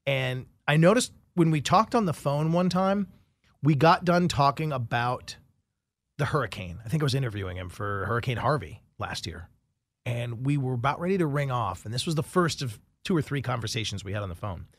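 A man's voice: medium pitch, lively intonation, a little fast, no echo, studio quality. A man hosting a casual interview, asking long, conversational questions full of fillers. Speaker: podcast host interviewer.

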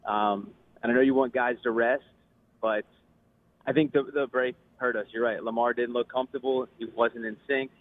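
Male radio caller, earnest, a bit halting, phone-line sound. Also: mid-range voice, fairly even intonation, no room sound. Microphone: telephone.

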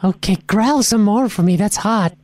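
A woman's voice: mid-range voice, moderate pace, a little mellow, dry recording. A woman making a radio prank call in a flirty, teasing way, giving playful orders.

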